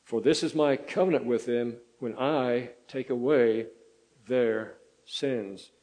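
Older man preaching, halting and folksy. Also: mid-range voice, warm tone, rough recording. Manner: folksy, halting, many fillers and restarts. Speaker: pastor. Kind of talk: sermon.

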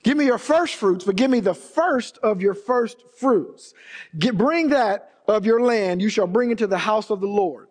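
His voice sits high and unhurried as he preaches from a church sanctuary. The pastor hammers home his points by repeating key phrases, and the recording has the long reverb of a large hall.

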